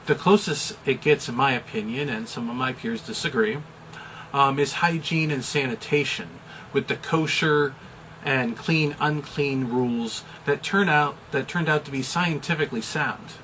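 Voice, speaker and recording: A middle-aged American man, a chaplain, explaining a topic in a measured, deliberate way with some fillers. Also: medium pitch, sharp tone, a little hiss or hum, rough recording. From United States. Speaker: chaplain and pastor. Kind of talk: explanatory video commentary.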